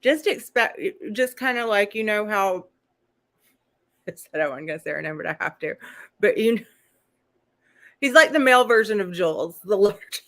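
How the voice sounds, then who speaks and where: A woman hosting a live-stream chat, retelling a story in a loose, rambling way. She chats casually, breaks off with quick laughing asides, and keeps the tone conversational throughout. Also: medium pitch, animated, a bit bright. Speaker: host.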